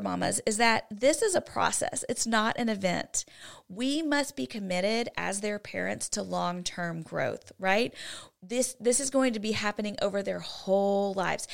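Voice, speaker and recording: A woman's voice: fairly high pitch, gravelly. A woman co-hosting a faith-based parenting talk, teaching in an earnest way and often checking in with "right?". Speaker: co-host.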